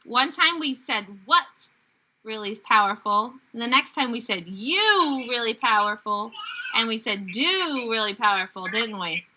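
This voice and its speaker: A woman teacher on a video call, slowly and clearly modeling words for young students to repeat and praising them. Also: a little high, lively intonation, noisy background. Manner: encouraging praise. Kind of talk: online reading lesson with young students.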